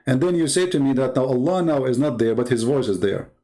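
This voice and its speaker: A man from the Arab world, speaking with an Arabic accent, hosts a live online debate channel. His medium-pitched voice is quick and dark-toned as he mocks his opponents with a string of rhetorical questions.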